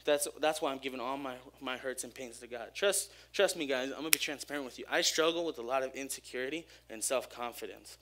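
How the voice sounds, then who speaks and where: A young man giving a casual, energetic sermon at a church service, joking with the crowd and talking openly about himself. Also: medium pitch, fast, few pauses, noisy background. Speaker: church speaker.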